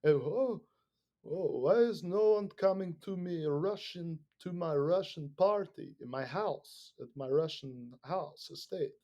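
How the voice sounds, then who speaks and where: A man's voice: fairly high pitch, animated, measured pace, mellow. A man voicing a self-pitying male Russian leader in a mock-pleading, sulky way. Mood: whiny.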